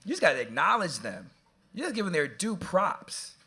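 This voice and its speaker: A man moderating a live event, telling an animated, jokey story to the audience that turns quiet and earnest. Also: high voice, normal speed, gravelly, husky.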